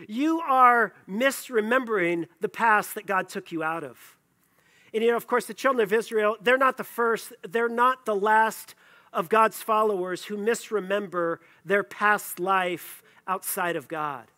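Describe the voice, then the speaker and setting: A man's voice: high voice, unhurried, pushed and bright. A male pastor preaching a sermon, conversational and playful, joking with the congregation between scripture readings.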